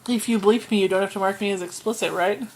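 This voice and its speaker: A woman's voice: mid-range voice, fairly even intonation, quick pace, darkish tone. A tired woman co-hosting a podcast in casual chat, sassy and playful. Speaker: podcast co-host.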